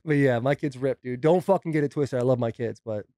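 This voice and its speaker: A man's voice: medium pitch, brisk, warm tone, dry recording, studio quality. A man in his thirties co-hosting a podcast, bantering casually and joking with profane humor. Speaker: podcast co-host.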